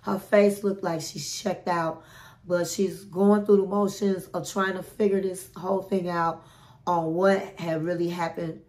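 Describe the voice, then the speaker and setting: A woman's voice: lowish voice, little pitch movement, unhurried, darkish tone. A woman hosting a casual reality TV recap, chatty and dramatic, acting out the quotes and calling the listener honey.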